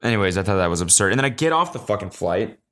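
Young male solo podcaster, low-pitched, casual and profane, jokes his way through stories. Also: big pitch swings, very fast, fairly bright tone. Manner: rambling, profane, jokey storytelling; acts out quotes in exaggerated higher voices. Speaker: podcast host.

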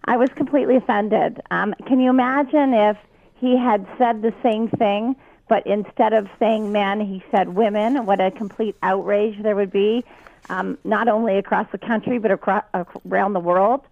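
A woman's voice: mid-range voice, steady tone, normal speed, creaky, phone-quality sound. A woman business owner speaking as an interview guest over a remote line. She talks in an indignant, emphatic way, restarting her sentences as she pushes her point.

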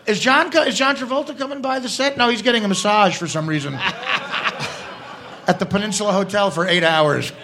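A man's voice: high-pitched, fairly quick, background noise. A male comedian telling rambling, profane, self-mocking anecdotes as a guest at a live show. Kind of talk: comedic storytelling.

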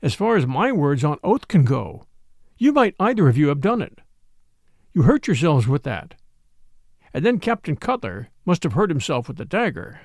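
Quiet, shrewd little priest, read by a man; measured, gently pointed, a touch high, dry sound. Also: big pitch swings, vocal fry, no echo, heavily acted. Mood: grave. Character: little mild shrewd male Catholic priest.

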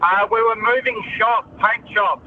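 A man's voice: sits high, a little slow, a little hiss or hum. A man calling in to a radio show, brief and polite. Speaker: caller. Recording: phone line from a car.

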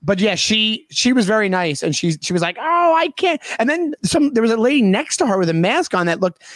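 Man, high voice, chatty, lots of "like" and "uh", dry sound. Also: expressive, a little fast, no echo. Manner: chatty, fills with "like" and "uh", quotes comedy bits. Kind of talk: casual chat.

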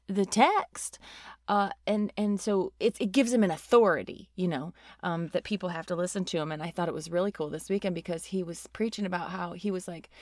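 Woman, mid pitch, bubbly earnest improv co-host, close dry mic. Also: dry recording. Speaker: comedy podcast co-host. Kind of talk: improvised character comedy chat.

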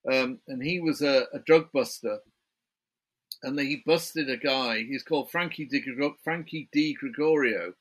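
A man's voice: mid-range voice, measured pace, fairly bright tone, breathy edge. A British man, an author guest in a remote interview, chatty and building his story point by point. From Britain.

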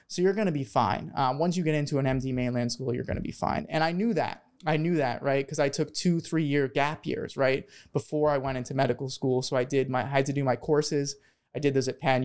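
A young man from Philadelphia, a medical student telling his story as an interview guest, talking fast and animated with restarts. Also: medium pitch, clear, resonant tone.

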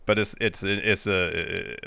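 A man's voice: deep voice, fairly even intonation, slow, gravelly, bright, forceful tone, clear, resonant tone, dry recording. An American man co-hosting a podcast, talking casually about wrestling in a matter-of-fact way. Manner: matter-of-fact, short agreeing replies. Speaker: podcast co-host.

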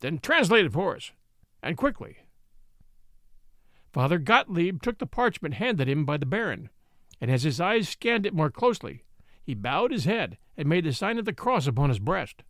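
A man narrating a historical tale in an expressive, theatrical storytelling manner. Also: a little high, moderate pace, no echo, studio quality. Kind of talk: dramatic audiobook narration.

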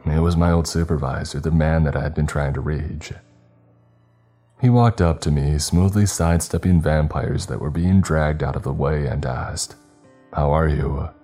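Guy telling a spooky story, super deep dark voice, faint music behind. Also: moderate pace. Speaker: narrator. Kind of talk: first-person horror story narration.

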